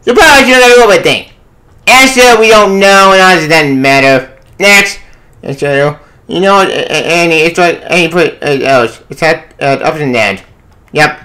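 A man reviewing a comic book in a casual vlog, excitable and rambling, who swears freely. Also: fairly high pitch, a little slow.

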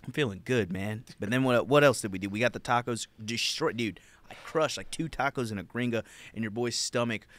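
A man's voice: mid-range voice, fairly quick, few pauses, a bit bright, no room sound. A young man hosting a comedy podcast, telling rambling, giggly stories in casual chat.

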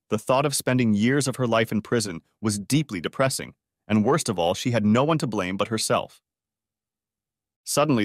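A man narrating a story audiobook in an even, measured reading. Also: lowish voice, no echo, studio quality. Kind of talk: scripted narration.

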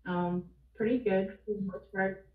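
A shy woman calls in and answers haltingly at an ordinary pitch. Her line sounds dull and muffled. The sound carries room echo. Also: fairly even intonation. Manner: hesitant, shy. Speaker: caller. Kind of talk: casual chat. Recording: dull, roomy call line.

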